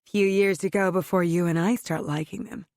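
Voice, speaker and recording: A woman voicing Haley, a bubbly, giddy young woman who speaks in a high, playful voice. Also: steady tone, normal speed, a little mellow, dry recording, clean studio sound, close to an everyday voice.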